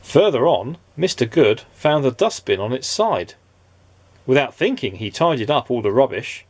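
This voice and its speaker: Lively man reading a storybook aloud. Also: medium pitch, normal speed, no room sound. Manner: expressive, playful reading. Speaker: dad reading children's books aloud.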